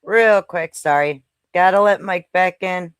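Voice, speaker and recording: A streamer hosting a live stream and reacting to the chat with quick, chatty asides. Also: medium pitch, fairly bright tone, clean tone, no room sound. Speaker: streamer host.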